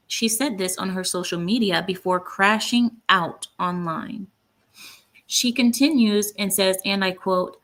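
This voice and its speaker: Taking her time, a woman with a medium-pitched, fairly bright voice runs her own opinionated commentary channel. She is blunt and indignant, frequently pausing to read quotations aloud.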